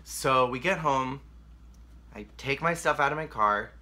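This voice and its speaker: A man's voice: mid-range voice, measured pace, pushed and bright. A young man candidly telling a painful personal story to the camera, emotional and rambling, with lots of "like.". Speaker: vlogger.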